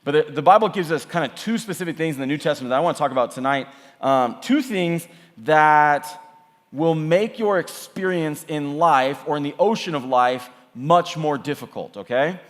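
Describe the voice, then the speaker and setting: A man in his thirties, a youth pastor, preaching to a youth camp in a casual, animated way, full of "like"s. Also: on the high side, normal speed, long reverb tail. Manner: casual, animated storytelling with many "like"s. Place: large church hall or auditorium.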